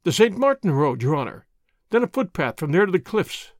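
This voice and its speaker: A man voicing an obsequious, cringing old man who speaks humbly and deliberately. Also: high voice, very animated, no echo, clean studio sound. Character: obsequious cringing old male cart owner.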